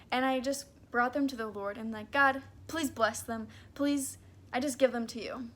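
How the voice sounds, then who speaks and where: A woman's voice: on the high side, fairly bright tone. A young woman talking casually and earnestly about prayer, with lots of "like" and restarts. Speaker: faith vlogger. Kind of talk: casual spoken reflection to camera.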